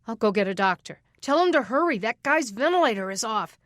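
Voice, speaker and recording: A woman voicing a calm, polite young man visiting a patient. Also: on the low side, normal speed, dry recording, studio quality, lightly acted.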